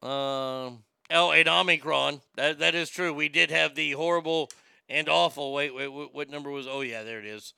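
Gravelly, profane, ranting man. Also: fairly high pitch, normal speed, pushed and bright, dry recording. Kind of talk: comedic rant reacting to news and chat.

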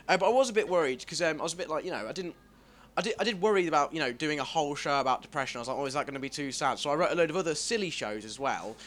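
A man performing a self-deprecating stand-up comedy set on a club stage, swearing freely and jumping into squeaky voices for his bits. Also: sharp tone.

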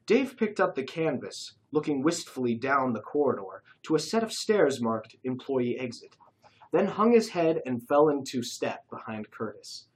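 A narrator reading a comic caper story aloud, expressive and lively. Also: mid-range voice, moderate pace, husky, rough recording.

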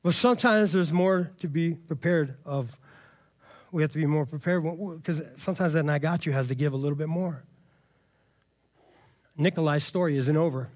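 A man's voice: fairly high pitch, moderate pace, long pauses, a little mellow, no echo. A man pastor giving an emphatic, conversational sermon full of casual asides to the congregation.

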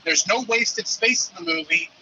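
A man's voice: high-pitched, moderate pace, sharp tone, lo-fi sound, a little hiss or hum. A man calling in as the show's movie reviewer, talking casually and stumbling over repeated words, with some swearing. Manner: hesitant, repeats words, profane. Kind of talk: casual call-in chat.

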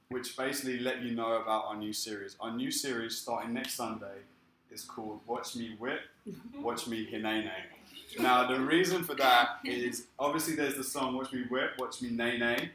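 A man preaching a sermon and telling his own story in a lively way. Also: medium pitch, roomy sound, a little hiss or hum, low-quality recording. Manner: lively storytelling, acting out quoted speech. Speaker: pastor. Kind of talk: sermon with personal testimony.

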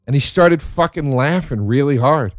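Man, comedian, casual storytelling, profane, excitable, laughing, dry recording. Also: mid-range voice, normal speed, no echo. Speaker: stand-up comedian.

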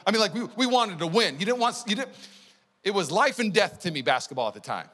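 Casting: energetic male pastor, bright forceful tone, slightly high voice, long church reverb. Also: fast talker. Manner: energetic, conversational, storytelling. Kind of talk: sermon. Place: church sanctuary.

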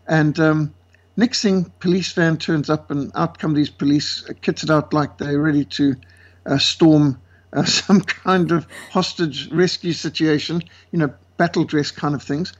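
South African man, husky voice, fairly high, lively storytelling, acts out the voices, dull lo-fi sound. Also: measured pace. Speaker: guest speaker. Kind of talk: animated storytelling.

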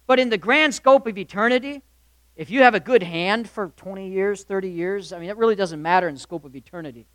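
A man preaching a sermon to a congregation. He talks to listeners directly, asks rhetorical questions and swings between loud declarations and quiet asides. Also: high-pitched, brisk, dry recording. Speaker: pastor. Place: church or hall with live congregation.

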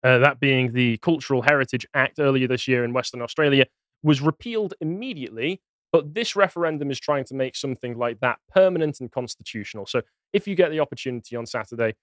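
A man's voice: medium pitch, fast talker, fairly bright tone, no echo. A man co-hosting a podcast in casual chat, earnest with a dry, wry humour. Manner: earnest, then dryly jokey. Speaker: podcast co-host.

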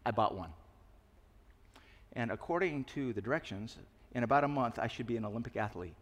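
A man's voice: mid-range voice, expressive, brisk, fairly bright tone. A man in his sixties preaching a sermon, telling confessional stories with self-mocking humor. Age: 60s. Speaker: pastor. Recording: long reverb of a large hall.

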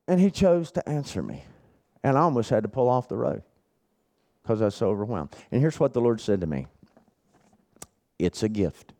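A middle-aged man gives an earnest sermon at a men's retreat. He repeats phrases for weight and sinks to a low, quiet delivery before lifting his voice again. His pitch sits in the middle for a man. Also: sing-song, moderate pace, creaky, pauses often. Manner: earnest, repetitive storytelling that drops low and then rises.

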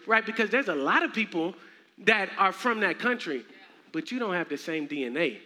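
Lively young male preacher. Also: sits high, normal speed, a crowd in the background. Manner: animated, slangy, humorous preaching. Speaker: minister. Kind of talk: sermon. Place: church sanctuary. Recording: echoey hall, faint noise.

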